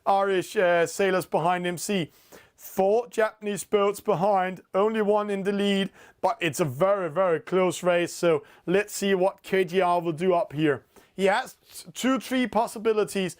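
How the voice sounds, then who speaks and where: Excitable high-voiced male race commentator. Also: normal speed. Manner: excitable, rises sharply at penalties, many fillers. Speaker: esports sailing commentator.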